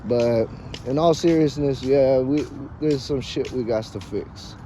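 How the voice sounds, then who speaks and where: A man's voice: mid-range voice, measured pace, mellow, slight background noise. A man talking in a casual, profane, rambling vlog monologue, emphatic and dramatic with joking asides, recorded outdoors. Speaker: vlogger.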